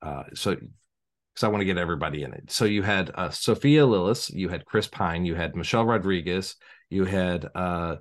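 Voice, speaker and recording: A man co-hosting a podcast in casual chat, telling stories in an animated way with frequent restarts and laughter. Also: deep voice, moderate pace. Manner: animated storyteller, stammers and restarts, laughs often. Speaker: podcast co-host.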